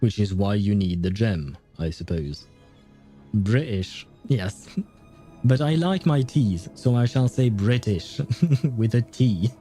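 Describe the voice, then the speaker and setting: A man's voice: on the low side, expressive, unhurried, warm tone, soft background music. A man commenting on a game on a livestream, chatty and hesitant with frequent laughs. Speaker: livestream host. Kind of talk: gameplay commentary.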